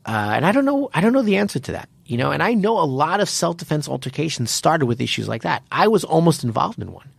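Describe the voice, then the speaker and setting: Podcast host, male, gravelly voice, dry close mic, animated storyteller who restarts a lot. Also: on the high side, fast, hardly any pauses, no room sound. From United States. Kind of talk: casual podcast chat.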